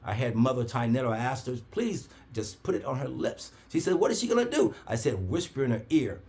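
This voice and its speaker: A man telling an animated story, his pitch rising and falling widely. He speaks in a repetitive, preacher-like cadence. He acts out the other people in his story with sudden high, loud bursts. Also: fairly quick. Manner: acts out quoted voices with big pitch jumps. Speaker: herbal oil seller.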